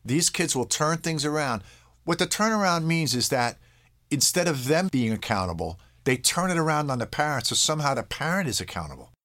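Explaining things in an interview, this man speaks as a parenting expert with a slightly high, animated voice, fairly quick and fairly bright. He's conversational, asks his listener "all right?", and now and then voices short lines from children and parents.

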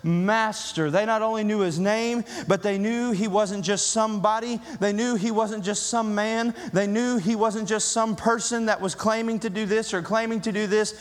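Southern pastor guy preaching hard, high voice, lots of repeating lines, big echoey church sound. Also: steady tone, moderate pace, few pauses. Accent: Southern American. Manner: impassioned preaching, repetitive rhetorical build-ups. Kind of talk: sermon. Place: church sanctuary.

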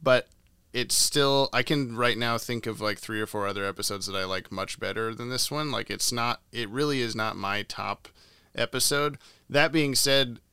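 A man's voice: mid-range voice, normal speed, pushed and bright, smooth, no room sound. A young man co-hosting a podcast, chatting casually and laughing often. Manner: laughs often, tries funny voices. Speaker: podcast co-host. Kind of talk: casual chat.

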